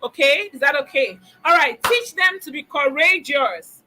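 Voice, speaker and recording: A middle-aged woman with a high, expressive voice runs a parenting webinar as a coach, speaking at normal speed in a pushed, bright tone. She's emphatic, repeating key phrases and posing rhetorical questions. The recording quality is low.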